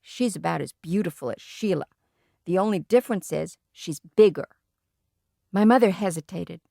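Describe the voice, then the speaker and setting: Reader: woman, children's book read-aloud, steady delivery, dry close sound. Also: on the low side, normal speed, creaky, no room sound. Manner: plain, steady storytelling. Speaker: audiobook reader.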